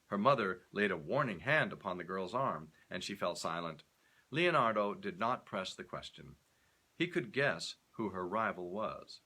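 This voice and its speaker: A man reading a short story aloud, expressive and acting out each character. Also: deep voice, normal speed, slightly rough.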